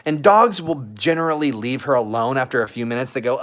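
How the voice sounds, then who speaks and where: A young man hosting a husky channel, giving earnest, emphatic advice in a casual live Q&A with viewers and repeating himself for stress. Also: mid-range voice, animated, a little fast, a bit bright.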